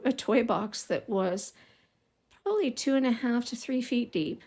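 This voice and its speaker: A woman's voice: fairly high pitch, measured pace, darkish tone. Rambling middle-aged woman telling a story. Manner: rambling and digressive, with frequent small laughs. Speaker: vlogger. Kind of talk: casual personal storytelling.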